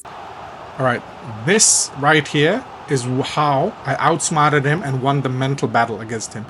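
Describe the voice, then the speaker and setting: A man giving an animated voice-over commentary on his own football video game match, breaking into excited shouts at the big plays. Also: medium pitch, unhurried, soft background music. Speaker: gaming YouTuber.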